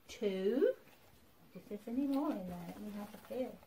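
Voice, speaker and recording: A woman leading a church toddler group, reading a picture book aloud in an animated, sing-song way. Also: medium pitch, unhurried, vocal fry, pauses often, slight background noise, poor audio. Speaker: children's group leader.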